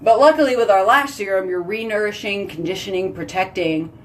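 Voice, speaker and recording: A woman's voice: mid-range voice, fairly quick. A chatty woman, hosting a casual live stream and talking with her viewers. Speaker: livestream host.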